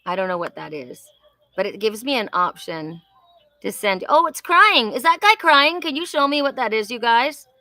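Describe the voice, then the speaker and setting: A woman in her sixties hosts a live oracle card reading and chats effusively with her viewers. Her voice sits a little high and sounds bright and forceful. The recording is dry and close. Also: animated, moderate pace, no echo. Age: 60s. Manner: effusive, chatty, talks to viewers by name. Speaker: host.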